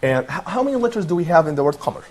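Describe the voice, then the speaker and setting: A man's voice: fairly high pitch, sing-song, very fast, darkish tone. A man teaching an online Arabic lesson, patient and encouraging, repeating words and praising his students.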